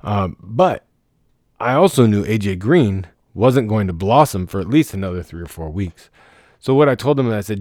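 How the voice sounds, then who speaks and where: A man's voice: on the low side, animated, moderate pace, a little mellow, no room sound, clean studio sound. A man serving as league commissioner, giving a casual, rambling podcast recap full of crude teasing trash talk, recorded in his bedroom. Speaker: fantasy football league commissioner.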